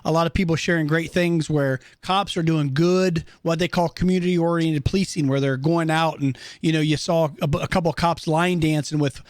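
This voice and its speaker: A man speaks earnestly in a casual podcast chat. His voice sits a little high and is recorded dry and close, with no room sound. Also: steady tone, normal speed, hardly any pauses, dry recording. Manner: affirming listener, laughs along, then speaks earnestly. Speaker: podcast co-host.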